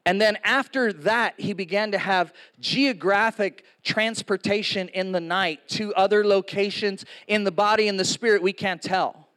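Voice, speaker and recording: A man's voice: high voice, moderate pace, few pauses, a bit bright. A man in his sixties preaching a sermon to a congregation, casual and joking, with frequent asides to the audience. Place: in front of a live congregation.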